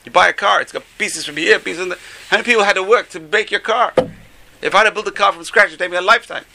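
A man teaching a Torah class as a rabbi, animated and exclamatory, dropping to soft asides and rising to loud emphasis. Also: sits high, fast talker, creaky, noisy background.

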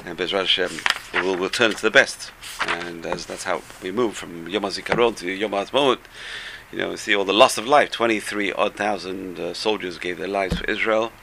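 A man with a low, gravelly voice and a sharply bright edge tells a religious story. He swings from loud, high bursts down to soft asides. A faint noise sits under the recording. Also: fairly quick. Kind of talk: storytelling Torah talk.

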